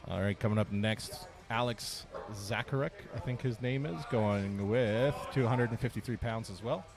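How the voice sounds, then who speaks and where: A man giving live play-by-play commentary at a strength competition, cheering lifters on excitedly. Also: lowish voice, normal speed. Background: music playing.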